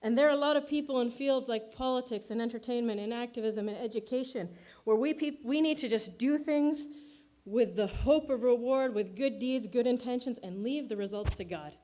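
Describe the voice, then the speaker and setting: A woman's voice: fairly high pitch, normal speed, dark tone. A woman filmmaker giving an award acceptance speech, chatty and self-deprecating, laughing often between her words.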